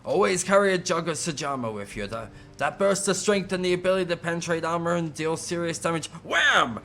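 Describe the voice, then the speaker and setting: A man voicing a boastful, chatty male townsman in a fantasy game, speaking in a lower, slow and self-satisfied drawl. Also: sharp tone. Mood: smug.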